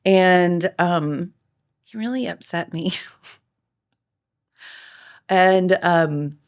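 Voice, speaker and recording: A woman hosting a podcast, chatting casually and telling animated stories with frequent laughter. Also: on the low side, very slow. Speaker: podcast host. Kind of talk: casual chat.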